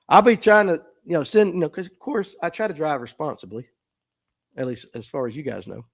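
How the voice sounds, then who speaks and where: A man's voice: fairly high pitch, brisk, gravelly. A man with a Southern US accent hosting a casual livestream podcast, folksy and self-deprecating as he reads viewer comments. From Southern United States. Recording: phone mic.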